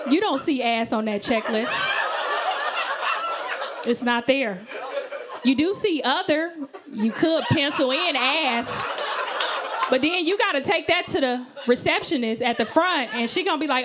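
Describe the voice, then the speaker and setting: A woman performs a stand-up comedy set on a club stage, her high-pitched voice lively and moderately paced. She tells brash stories and acts out voices with sudden shrieks. The live recording picks up a laughing audience and crowd noise.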